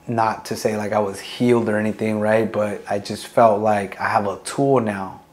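Low, flat-voiced man telling his story. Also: normal speed. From Long Beach, California. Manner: candid, profane, many fillers like "like" and "dude". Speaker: Marine veteran guest. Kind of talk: casual interview storytelling.

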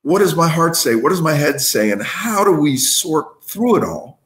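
Guy doing a pep-talk style chat over a video call, bit high, echoey room. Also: very animated, moderate pace, fairly bright tone. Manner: checks in with listeners, tells stories. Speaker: guest, inspirational speaker. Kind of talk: motivational talk. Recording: roomy echo.

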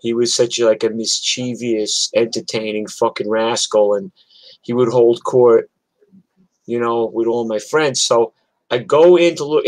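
A man's voice: medium pitch, steady tone, a little slow, a little mellow, low-quality recording. An older man from New York telling a personal story in a casual, rambling, profane way, with many restarts.

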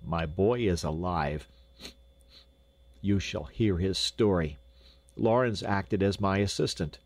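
Casting: grieving old doctor, gruff and grave, very low voice, read by a male narrator. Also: slow, no echo, exaggerated voice. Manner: sobbing, broken, then grave.

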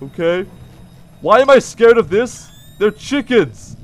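A man with a notably high voice commentates as he plays a video game. He is jumpy and easily startled, and he giggles at his own nerves between the frightened yelps. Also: very animated, takes it slowly. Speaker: let's play host. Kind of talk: gameplay commentary.

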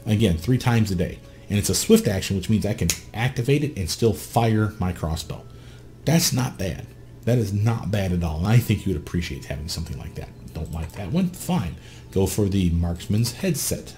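This gameplay guide host has a fairly low, dark-toned voice with lively intonation and a normal speed. Talking bluntly and profanely, he chats through a character build while tossing questions at the viewer.

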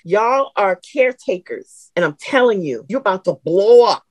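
A woman's voice: medium pitch, animated, normal speed, no echo. A middle-aged woman giving an emphatic, unscripted customer testimonial, talking straight to the listener.

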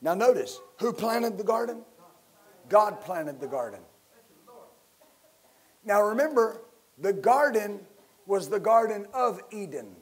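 A man preaching a sermon as pastor, building to loud emphatic bursts and leading his listeners in call-and-response. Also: high-pitched, sing-song, slow pace, long pauses.

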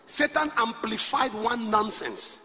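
Nigerian pastor, male, high bright voice, emphatic sermon delivery, long hall reverb, faint background noise. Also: big pitch swings, takes it slowly. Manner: emphatic preaching, alternating soft asides with shouts; leads call-and-response prayer and prays in tongues.

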